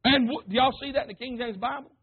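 High-voiced fervent preacher. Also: male voice, quick pace, breathy edge. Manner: fervent, rising to shouts, addressing the congregation. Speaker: pastor. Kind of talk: sermon. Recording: tinny phone-like sermon recording.

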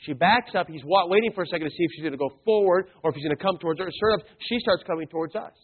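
A male preacher delivering a sermon and telling a story, emphatic, swinging between loud and hushed. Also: high voice, very fast, husky. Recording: tinny phone-like sound.

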